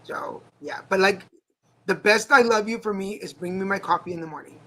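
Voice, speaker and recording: A man co-hosting a talk show, chatting in a relaxed, soft-spoken, joking way. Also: high voice, a little fast. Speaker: co-host. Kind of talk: casual chat.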